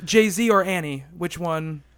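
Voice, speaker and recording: High-voiced joking podcast host, man. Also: fairly bright tone. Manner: quick, joking, filler-heavy delivery. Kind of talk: casual podcast chat.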